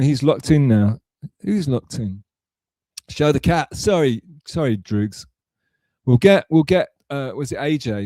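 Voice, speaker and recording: A man's voice: mid-range voice, dark tone, dry recording. A man hosting a live stream, chatting casually and rambling as he answers messages from his chat aloud. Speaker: livestream host reading chat.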